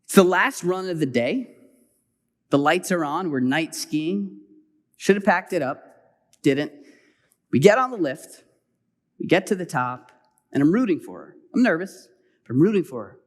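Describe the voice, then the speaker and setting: Man, middle-aged, pastor, sermon, somewhat high voice, animated storytelling, loud exhortation to quiet asides. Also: normal speed, pauses often.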